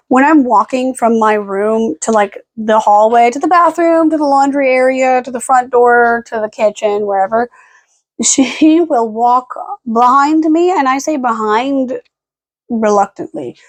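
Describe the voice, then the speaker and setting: A young woman chats at home in a loose, rambling vlog voice that sits a little high. She now and then switches to sweet baby talk for her dog. The sound is close and dry, with no room echo. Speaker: vlogger. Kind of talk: casual chat.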